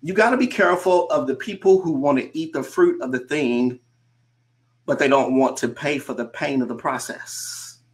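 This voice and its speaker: Emphatic male coach full of rhetorical questions. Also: mid-range voice. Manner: emphatic, repeats lines and asks rhetorical questions; slows down to stress key phrases. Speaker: coach and conference speaker. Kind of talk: motivational talk. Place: speaking remotely to a virtual audience.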